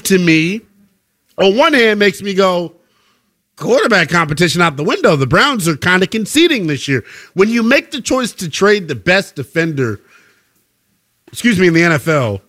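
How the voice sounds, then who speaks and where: A man co-hosting a sports talk show, debating in an emphatic, slangy, animated way. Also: sits high.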